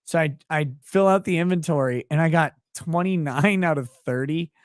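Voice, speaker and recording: A tired man, yawning through a story, tells it with swearing and quick laughs. His voice sits a bit high for a man, and the sound is close and dry. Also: no echo. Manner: animated, profane, laughs often. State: tired, yawning while talking. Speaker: podcast guest. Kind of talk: casual storytelling conversation.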